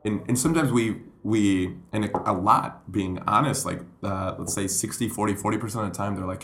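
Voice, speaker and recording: A man's voice: lowish voice, fairly quick, hardly any pauses, fairly bright tone. A young man, a comedian and podcast guest, chatting casually and rambling through stories, acting out quoted voices. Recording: roomy echo.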